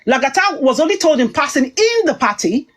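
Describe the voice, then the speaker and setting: Upset woman with a high voice. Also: very animated, brisk. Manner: emphatic, repetitive, restarts often. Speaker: live stream speaker. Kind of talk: heated personal monologue.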